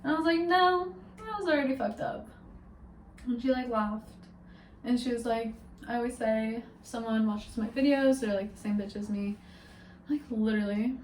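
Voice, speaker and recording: A woman's voice: a little high, moderate pace, a little mellow, reverberant, recorded from a distance, a little hiss or hum, poor audio. A young woman vlogging at home, telling a story in a rambling, chatty way full of "like" and "literally". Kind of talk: casual storytime vlog.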